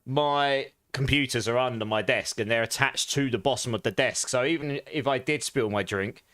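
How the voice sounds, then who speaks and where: Bright-voiced, chatty male streamer. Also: mid-range voice, normal speed, no echo, studio quality. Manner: chatty, greets viewers, laughs often. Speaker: game streamer. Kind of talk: casual live stream chat while gaming.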